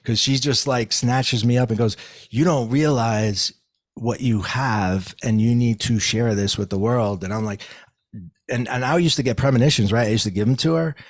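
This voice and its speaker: Speaking at a moderate pace in a dry, roomless recording, a middle-aged psychic medium recounts his experiences as an interview guest. When he quotes others, he performs them in a higher pitch, keeping things lively.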